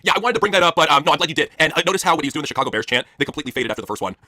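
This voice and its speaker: A man's voice: a little high, lively intonation, racing, sharp tone, slight background noise. A man co-hosting a casual, crude, joking wrestling chat show. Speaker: podcast co-host.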